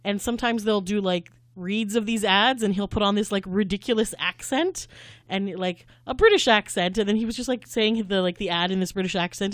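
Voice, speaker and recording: Chatty woman co-host, middle pitch, rambles and giggles, dry sound. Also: fairly quick, no room sound. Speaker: podcast co-host. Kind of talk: casual chat.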